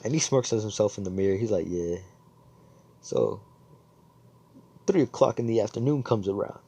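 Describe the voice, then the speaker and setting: A man's voice: fairly low pitch, fairly quick, gravelly, dark tone, husky. A man improvising a fan fiction story aloud, rambling, swearing and correcting himself as he goes.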